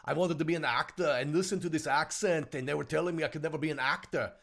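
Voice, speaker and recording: A man's voice: fairly high pitch, gravelly, fairly bright tone. A man briefly impersonating a famous, heavily accented actor, struggling to hold the accent. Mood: wry. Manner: halting attempt at a thick accent.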